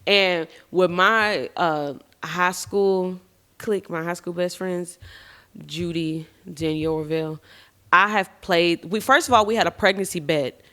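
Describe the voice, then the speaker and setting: A woman's voice: on the low side, a little slow. A woman hosting a podcast, telling her own story candidly, speaking straight to her listeners and swearing casually. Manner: frank and expressive, addresses listeners as y'all. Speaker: podcast host. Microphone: podcast microphone.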